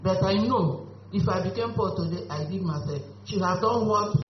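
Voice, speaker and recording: A woman's voice: mid-range voice, normal speed. Woman testifying earnestly, dull lo-fi sound with faint hum. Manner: earnest, emphatic, broken grammar. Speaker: beneficiary giving testimony. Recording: echoey room, dull lo-fi audio, faint hum.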